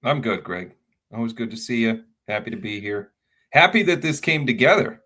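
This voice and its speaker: A man, a brewery co-owner, talking in a relaxed, friendly way as a guest. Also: medium pitch, normal speed. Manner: relaxed, friendly, many fillers. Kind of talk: casual interview chat.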